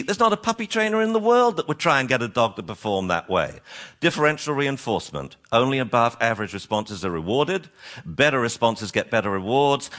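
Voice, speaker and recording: A man giving a lively talk to an audience as a dog trainer, acting out owners and dogs in funny voices. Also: lowish voice.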